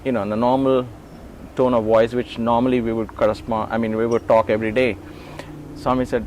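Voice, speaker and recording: This middle-aged man talks briskly in a mid-range voice, telling stories from his assistant days in an interview and acting out each exchange with energy. The recording is low quality and carries slight background noise.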